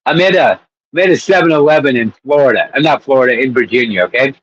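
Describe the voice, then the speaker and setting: A man's voice: medium pitch, fast talker, husky, dull audio. A man co-hosting a casual sports chat show, rambling and laughing as he tells stories. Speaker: co-host.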